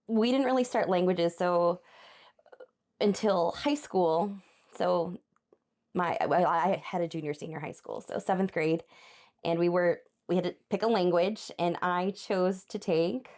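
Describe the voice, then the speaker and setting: A woman's voice: on the low side, a little mellow. A young woman hosting a crafting video, chatting casually while she hand embroiders, telling a rambling story with frequent laughs and asides to her viewers. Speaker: host of a crafting channel. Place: home craft space.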